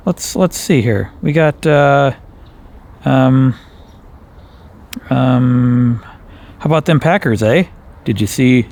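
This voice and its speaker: Rambling Wisconsin man vlogging in a backyard. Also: darkish tone. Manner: rambling, self-correcting, playful, with big jumps up in pitch. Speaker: YouTuber. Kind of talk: casual vlog chat. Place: outdoors in a backyard.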